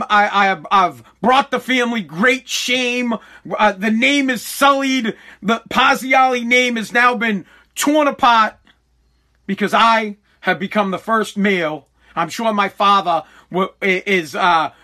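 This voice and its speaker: A middle-aged man hosting a podcast, delivering an animated, mock-pompous comedic rant full of swearing. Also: sits high. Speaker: podcast host.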